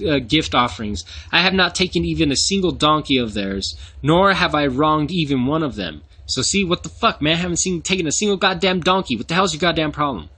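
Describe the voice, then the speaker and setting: A man's voice: fairly high pitch, bright, forceful tone. Profane New Mexico man teaching scripture. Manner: profane, slangy, mocking asides.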